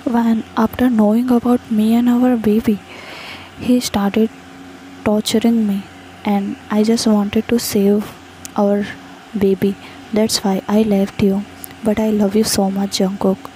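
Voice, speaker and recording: A woman voicing a pleading young mother in a fan fiction story reading, with a flat, even delivery. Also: mid-range voice, a little slow, slight background noise, close to an everyday voice, rough recording.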